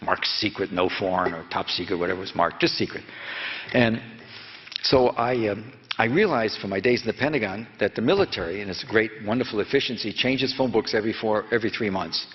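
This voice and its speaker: A man's voice: fairly low pitch, a little fast, slight background noise. A man in his seventies, a journalist, telling a long anecdote in a digressive way, with many restarts and self-corrections. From United States. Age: 70s. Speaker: investigative journalist telling a story. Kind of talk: rambling anecdotal storytelling to an audience. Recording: dull lo-fi recording in a reverberant hall.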